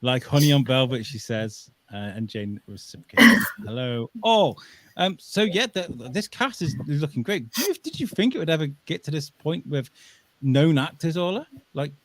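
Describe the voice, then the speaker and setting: A man's voice: a little high, big pitch swings, normal speed, fairly bright tone, no room sound. A man co-hosting a podcast, chatting casually, laughing often and reading out listener comments. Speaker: podcast co-host.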